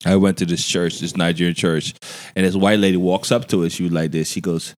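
A man, a stand-up comedian, chatting casually on a podcast and telling animated, profane stories. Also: deep voice, fairly quick, a little hiss or hum.

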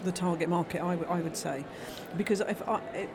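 Female co-host, quick chatty delivery with fillers, clear background noise. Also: fairly low pitch. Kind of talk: casual interview chat. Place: trade show hall. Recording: noisy trade show floor.

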